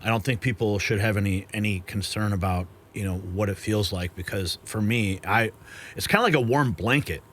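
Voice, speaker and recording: A man hosting an interview, earnest and emotional, often pausing and restarting. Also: lowish voice, a bit bright, a little hiss or hum. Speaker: show host. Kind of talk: interview conversation.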